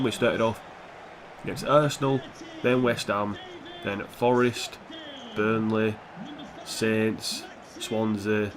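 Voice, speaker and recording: A young man commentating his own football video game, sweary and excitable, dropping to mutters and jumping to shouts. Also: lowish voice. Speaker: gaming YouTuber. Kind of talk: gameplay commentary.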